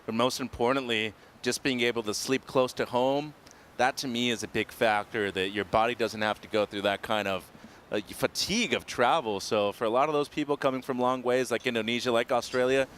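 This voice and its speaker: A man from Mexico working as co-commentator, explaining surf and slang in a relaxed, friendly way. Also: medium pitch, fairly quick, slight background noise. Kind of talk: live sports commentary.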